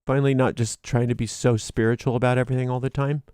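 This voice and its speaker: A man giving a daily tarot reading in a lively, animated monologue, laughing and acting out quoted voices, often restarting his sentences. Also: mid-range voice, quick pace, smooth, no echo, clean studio sound. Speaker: tarot reader.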